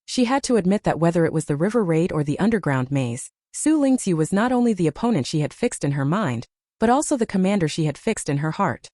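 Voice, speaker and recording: Woman reading a novel, dark and lively. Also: on the low side, fast talker, dry recording, studio quality. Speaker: audiobook narrator. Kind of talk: scripted narration.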